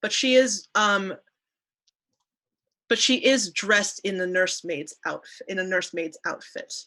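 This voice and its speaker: A woman's voice: medium pitch, unhurried, a bit bright, poor audio. A woman narrating a tabletop game as game master, casual and hesitant, on an online call.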